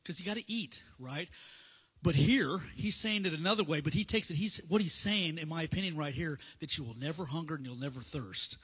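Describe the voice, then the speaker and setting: A man's voice: a little high, brisk, a bit bright, breathy edge, long reverb tail. A man preaching a casual, conversational sermon with slides, acting out bits of dialogue.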